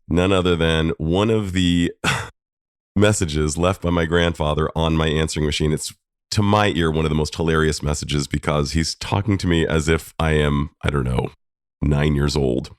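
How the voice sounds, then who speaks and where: A middle-aged man hosting a podcast, telling family stories in a lively way and laughing now and then. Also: a bass voice, no echo, clean studio sound. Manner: warm, laughing storytelling. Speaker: podcast host, psychologist. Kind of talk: personal storytelling.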